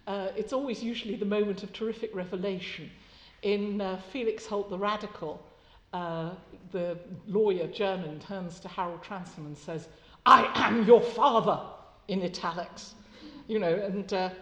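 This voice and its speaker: A woman giving an academic keynote lecture, with a wry, conversational delivery and occasional fillers. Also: mid-range voice. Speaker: keynote speaker. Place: lecture hall. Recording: echoey lecture hall.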